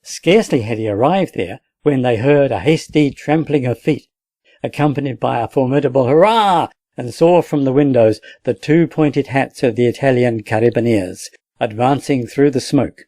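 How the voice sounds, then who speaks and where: A man's voice: medium pitch, no echo. Australian man reading a story aloud. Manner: steady, measured storytelling. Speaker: audiobook reader. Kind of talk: reading a classic novel aloud.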